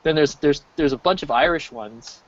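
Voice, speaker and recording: An American man in his thirties chatting casually while he streams, rambling, restarting sentences and getting animated. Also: fairly high pitch, moderate pace. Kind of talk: casual chat. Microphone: desk mic. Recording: dull lo-fi mic.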